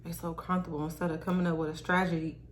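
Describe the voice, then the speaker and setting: A woman's voice: lowish voice, flat delivery, very fast, slight background noise. A young adult woman hosting her own podcast, talking candidly and motivationally to her viewers in a casual, direct way. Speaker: podcast host. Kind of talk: casual solo podcast talk.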